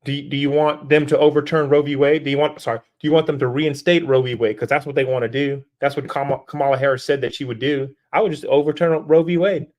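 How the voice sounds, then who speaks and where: A man's voice: medium pitch, level tone, quick pace, few pauses. A middle-aged man, urging viewers on a livestream with rhetorical questions and many restarts. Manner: urgent, preachy, repetitive restarts, rhetorical questions. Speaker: livestream host. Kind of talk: live-stream political exhortation. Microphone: streaming setup.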